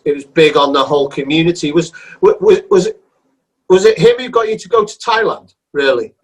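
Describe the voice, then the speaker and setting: A middle-aged man hosting a podcast, asking questions haltingly and with many restarts. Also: fairly high pitch, low-quality recording. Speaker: podcast host. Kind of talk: interviewing.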